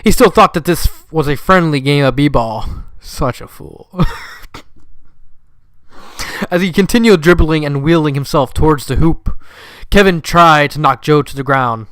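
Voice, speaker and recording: A man's voice: on the high side, normal speed, hardly any pauses, a bit bright, clean tone, no room sound. A young man who just woke up, reading a fanfiction aloud with casual commentary and frequently breaking into giggles. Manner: giggly, easily breaks into laughter. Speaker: fanfiction reader.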